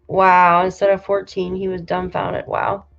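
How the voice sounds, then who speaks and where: A woman from New York State hosting a casual livestream, reading viewer comments aloud and reacting with loud exclamations and casual swearing. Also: on the low side, flat delivery, measured pace, vocal fry. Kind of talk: casual live chat. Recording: slightly dull lo-fi audio.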